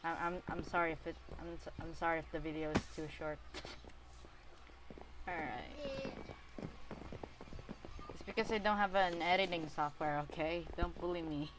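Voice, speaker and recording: A woman with a light, thin voice giving casual, excitable commentary over her own gameplay. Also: sits low, normal speed, long pauses. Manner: excitable, chatty, bursts into laughter and cheers. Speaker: gaming YouTuber.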